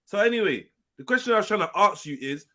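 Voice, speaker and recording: A man's voice: high-pitched, expressive, fast talker, sharp tone. A man hosting a live panel stream, brash, profane and combative in debate.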